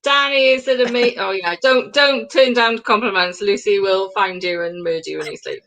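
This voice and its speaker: A woman co-hosting a casual chat show over a video call, quick and joking. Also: mid-range voice, fairly bright tone.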